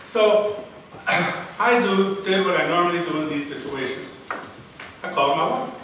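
High-pitched, animated and a bit bright, the older man speaks a little slowly while telling a personal story in a prepared, earnest, dramatic contest speech. He is recorded from far away in a large echoey hall with faint ambience and slight background noise.

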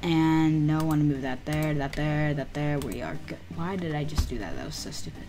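A woman giving casual gameplay commentary, muttering to herself with excitable outbursts. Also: sits low, normal speed. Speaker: gamer.

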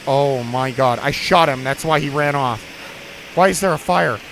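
A man's voice: mid-range voice, moderate pace, creaky, noisy background. A young man hosting a gaming video, giving jumpy, swearing let's play commentary while talking to himself and his viewers. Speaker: gaming channel host.

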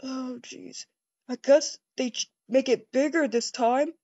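A woman's voice: high voice, slow pace, dry recording. Wide-eyed, stammering woman, dull lo-fi sound. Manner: excitable, easily startled, rambling with stammered restarts. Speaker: game role-player. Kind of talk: first-person role-play over a game.

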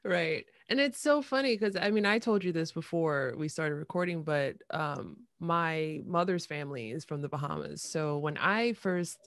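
A woman hosting a podcast interview, talking in an animated, friendly way with many fillers. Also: low voice, moderate pace, hardly any pauses, no echo. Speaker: podcast host.

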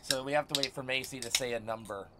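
A man live-streaming a game from home, chatting casually with viewers, teasing and swearing, often bursting out loudly. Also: medium pitch, quick pace, very noisy. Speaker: livestreamer.

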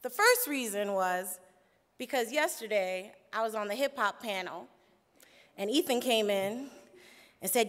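A woman's voice: on the high side, animated, moderate pace, bright, forceful tone. Sassy young woman in a hall. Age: young adult. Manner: sassy, playful, laughing often. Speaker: conference speaker. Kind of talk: animated speech to a crowd. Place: large conference hall. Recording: reverberant hall with crowd.

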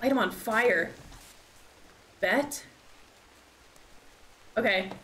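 A woman's voice: high voice, lively intonation, moderate pace, a bit bright. A young woman streaming a horror game, chatting and swearing as she plays, with nervous laughs. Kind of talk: live game commentary. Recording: echoey room, faint noise.

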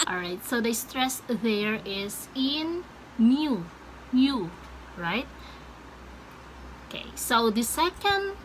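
Lady vlogger teaching slow and chatty, kinda high voice, faint hum behind her. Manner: slow, chatty, laughs between points. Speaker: vlogger explaining word stress. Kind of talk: casual teaching vlog.

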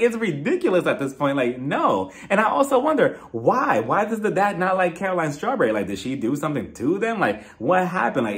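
A man giving a casual recap of a reality TV episode, chatty and animated, often sounding incredulous. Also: a little high. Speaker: TV recap reviewer.

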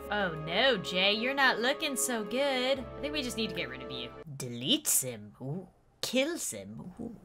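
Excitable woman narrating a life-sim game. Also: fairly high pitch. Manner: excitable, chatty, bursts of loud cheering. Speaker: gaming YouTuber. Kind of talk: casual gameplay commentary. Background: game music.

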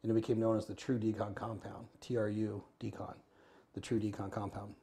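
Middle-aged man with a mellow voice. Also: fairly low pitch, brisk. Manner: animated, acts out dialogue while telling stories. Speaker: guest, former firefighter and business owner. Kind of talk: casual interview storytelling. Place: Arizona.

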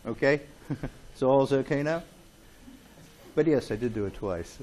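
A man's voice: medium pitch, lively intonation, a little slow, long pauses, darkish tone, slight background noise. A man lecturing a chemistry class in a classroom, chatty and joking, often checking in with "okay?". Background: students in class.

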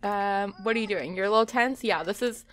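A woman's voice: on the high side, quick pace, a bit bright. A young adult woman hosting a let's play, giving chatty, giggly commentary and talking to her game characters. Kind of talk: casual gameplay commentary.

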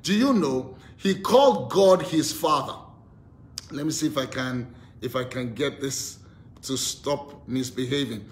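A man preaching an online devotional sermon, emphatic, repeating words as he builds his points and leading the listeners in spoken declarations. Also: a little slow. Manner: emphatic preaching, leads call-and-response declarations. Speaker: pastor. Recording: echoey room with faint rumble.

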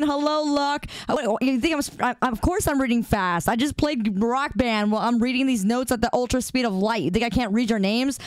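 A woman's voice: a little high, smooth, dry recording. A woman streamer chatting casually and playfully with her live chat, greeting viewers by name in a sing-song way.

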